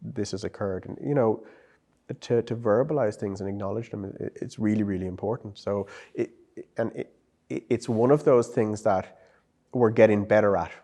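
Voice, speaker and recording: This man, from Ireland, works as a psychologist and psychotherapist and is working through ideas in a relaxed interview. He speaks at normal speed in a mellow, lowish voice, sounding thoughtful, with frequent repetitions and restarts.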